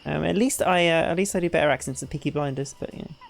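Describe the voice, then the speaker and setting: A woman streaming a game with a gravelly edge to her voice, talking in a chatty, self-deprecating way to her viewers. Game music plays faintly behind her. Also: low-pitched, fast talker. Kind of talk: casual gameplay commentary.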